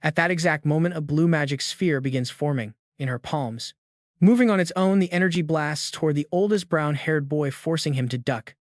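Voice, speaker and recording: A man giving a scripted story recap in an even, steady reading, voicing the dialogue quotes in the same plain tone. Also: fairly high pitch, moderate pace, no room sound, studio quality. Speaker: recap narrator.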